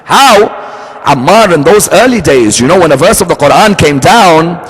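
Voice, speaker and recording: A man preaching a sermon, telling a story with acted-out dialogue and shifting his pitch and pace freely. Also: expressive, normal speed. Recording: long hall reverb.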